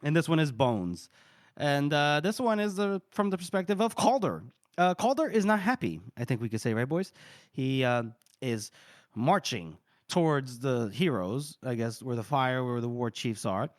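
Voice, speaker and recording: A mid-range male voice with big pitch swings moves at a normal speed. He's a podcast co-host giving a jokey, casual recap of a fantasy novel chapter, voicing quoted lines and swearing without restraint.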